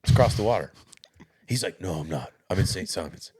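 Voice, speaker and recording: A man's voice: deep voice, animated, a little fast, a little mellow, husky. A man telling stories from police work as a podcast guest, laughing often. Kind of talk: casual storytelling.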